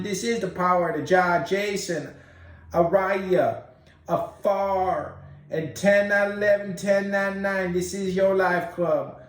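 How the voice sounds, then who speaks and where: A man's voice: sits high, natural voice. A man putting on a preachy Rasta guru. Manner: preachy, calls everyone brother. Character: preachy male Rasta guru with a Jamaican accent. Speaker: host of an online talk room. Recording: echoey, distant online audio.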